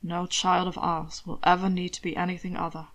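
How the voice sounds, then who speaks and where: A woman voicing a possessive, arrogant male lover in a low, murmuring tone for a read-aloud story. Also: level tone, fairly quick, a bit bright. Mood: tender.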